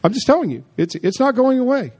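A man's voice: extremely high pitch, big pitch swings, fast talker, darkish tone, husky. A man preaching a sermon in an emphatic, conversational way, with frequent asides to the congregation. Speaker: pastor.

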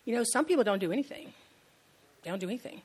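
A woman's voice: on the high side, animated, quick pace, darkish tone, husky. A woman pastor giving a sermon in a conversational, storytelling way, repeating key lines for emphasis.

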